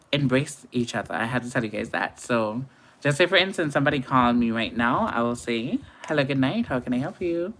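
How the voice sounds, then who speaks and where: A woman's voice: extremely low pitch, fairly bright tone. A young woman from Antigua with a Caribbean accent, chatting casually with viewers on a late-night makeup livestream, laughing often. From Antigua and Barbuda.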